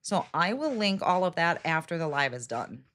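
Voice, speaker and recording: Her lowish voice is sing-song and a bit bright, moving at a moderate pace. A talkative middle-aged host of a casual craft livestream, she demos card making, greets viewers by name, and laughs at her own slips.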